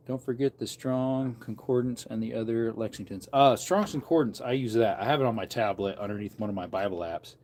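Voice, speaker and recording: A man's voice: medium pitch, fairly quick, few pauses, darkish tone. A man who preaches, chatting casually on a livestream from an outdoor porch and wandering between topics as he reads comments aloud.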